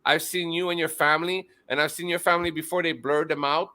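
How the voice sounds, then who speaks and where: A man in a casual group chat, ranting loudly with constant swearing and stammered repeats, his pitch jumping whenever he gets riled up. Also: steady tone, fast talker. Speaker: chat participant. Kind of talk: casual profane rant.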